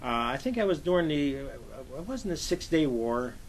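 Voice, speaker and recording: A man's voice: on the high side, sing-song, normal speed, darkish tone, rough recording. An older man from western Pennsylvania, a navy veteran telling long rambling anecdotes in an oral history interview, full of "uh" and "I says". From western Pennsylvania, USA.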